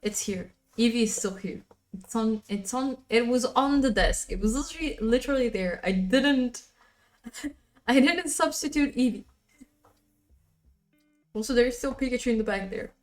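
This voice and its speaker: A woman's voice: on the high side, moderate pace, soft background music. A woman streaming live, chatting casually and rambling as she answers her chat.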